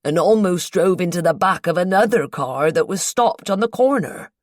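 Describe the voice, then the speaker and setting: A woman voicing an earnest, guarded local man with a North Devon accent, in a slow, confiding, colloquial way, for an audiobook. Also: on the low side, no echo, studio quality, close to an everyday voice. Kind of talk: audiobook character voice.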